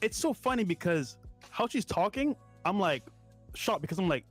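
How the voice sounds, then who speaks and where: A man's voice: sits high, sing-song, normal speed, breathy edge, soft background music. A man in casual podcast chat, interjecting with incredulous remarks.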